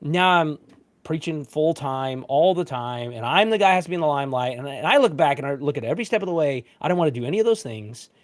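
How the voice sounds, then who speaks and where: Animated man telling his story. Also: fairly high pitch, fast talker. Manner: animated storytelling, voices quotes. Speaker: pastor. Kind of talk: casual panel discussion.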